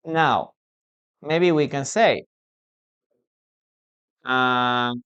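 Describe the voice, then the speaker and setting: English teacher, live online class, talks real slow, drills words over and over. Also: medium pitch, fairly bright tone, smooth, highs cut off. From Peru. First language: Spanish. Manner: repetitive, drills pronunciation, asks the class questions.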